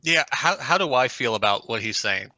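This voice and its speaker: Sharp-voiced man declaring his moves. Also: medium pitch, lively intonation, moderate pace, no echo. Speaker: player. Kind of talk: tabletop game chat.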